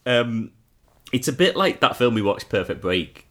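A man's voice: mid-range voice, big pitch swings, normal speed, a bit bright. A young man hosting a casual comedy podcast, wry and chuckling. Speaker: podcast host.

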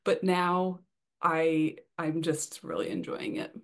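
A young adult woman with a fairly low voice talks as an interview guest about her first book. She is bubbly and excitable, laughs often, and fills her pauses with "um" and "you know.". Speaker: debut romance author, podcast guest. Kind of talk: casual interview chat.

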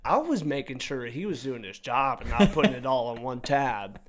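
A young man casually telling a story on a podcast, animated and profane, acting out what people said. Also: mid-range voice, normal speed.

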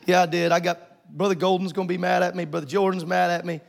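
A man preaching a sermon in a church sanctuary before a congregation, fervent and rising to shouts, joking with the crowd between points. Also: high-pitched, little pitch movement, fast talker, creaky.

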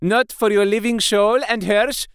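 A man's voice: a little high, slow, smooth, no room sound, clean studio sound. A man reading aloud, voicing a stern older professor in a firm, grave way. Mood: fierce.

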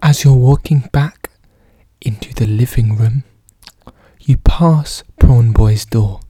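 A man in whispered role-play, telling a story softly and slowly in the second person. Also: medium pitch, breathy edge, no room sound, clean studio sound.

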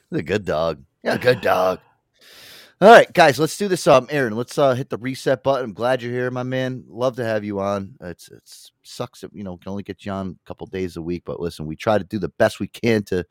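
A man's voice: lowish voice, moderate pace, no room sound, clean studio sound. A man hosting a casual radio show, telling crude, laughing stories and slipping into impressions. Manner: animated storyteller, swears freely, slips into impressions. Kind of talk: loose casual banter with crude humor. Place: small studio. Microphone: studio mic.

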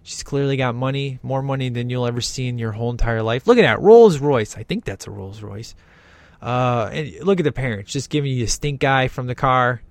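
A man's voice: medium pitch, a little fast, no echo. Man, chatty film commentator; jokey and upbeat, dry close sound. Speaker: movie commentator. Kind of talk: casual movie commentary.

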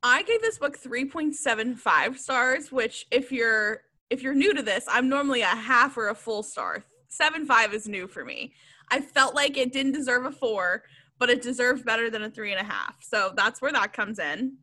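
A woman with a fairly high, bright voice gives her opinions in casual podcast chat. She rambles, giggles often, and speaks frankly. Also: animated, moderate pace. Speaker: podcast co-host reviewing a book. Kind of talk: casual book review chat.

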